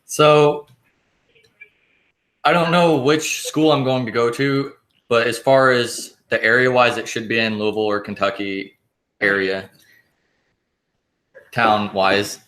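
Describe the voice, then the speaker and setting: A young man, a graduating student, talking on a video call about his plans in a hesitant, halting way. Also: medium pitch, fairly even intonation, fairly bright tone, roomy sound, rough recording. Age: young adult. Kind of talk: casual chat.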